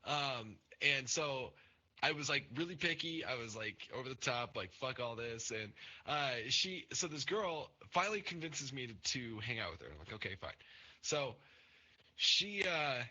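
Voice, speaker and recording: Young male co-host, blunt and profane storyteller, bright edgy voice, lo-fi mic. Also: mid-range voice, animated, unhurried. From Nebraska. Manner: crude, blunt, rambling with many fillers. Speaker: podcast co-host. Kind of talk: casual storytelling chat. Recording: dull lo-fi sound with faint noise.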